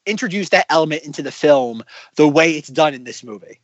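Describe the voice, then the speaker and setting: A man co-hosting a casual film podcast, talking excitedly with lots of fillers and restarts. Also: on the high side, brisk, no room sound, lo-fi sound. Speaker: podcast co-host.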